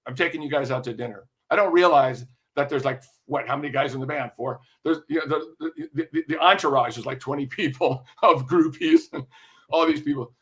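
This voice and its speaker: An older man with a bright, ringing voice that sits a little high, telling a string of lively stories. He swears freely and keeps checking in with his listener with a quick "right?". It's a relaxed interview chat, all in his own voice. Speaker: music industry veteran guest. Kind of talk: animated anecdote-telling in a podcast interview.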